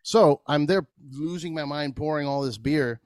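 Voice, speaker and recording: A man on a podcast telling stories in an animated way, swearing freely, laughing often and acting out voices. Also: a little high, normal speed, smooth, no room sound. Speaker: podcast guest, beer brewer. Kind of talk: casual storytelling chat.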